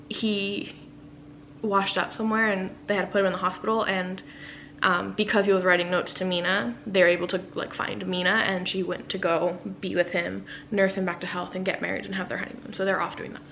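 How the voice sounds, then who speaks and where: A woman author talking casually to camera as she recaps a novel, rambling and enthusiastic, with plenty of fillers and the odd hushed aside. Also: medium pitch, slight background noise, rough recording. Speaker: author and book vlogger. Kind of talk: casual book summary chat.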